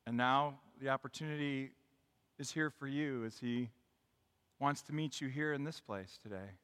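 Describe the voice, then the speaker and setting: A man's voice: medium pitch, normal speed, smooth. Man preaching in a big reverberant church. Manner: rises to loud emphatic preaching; leads congregation call and response. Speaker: pastor. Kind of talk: sermon. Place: church sanctuary.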